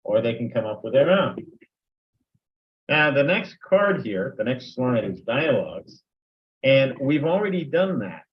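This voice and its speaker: A man's voice: mid-range voice, big pitch swings, a little slow. An older man training teachers in a conversational lecture, sometimes acting out sample dialogues. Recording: dull lo-fi recording.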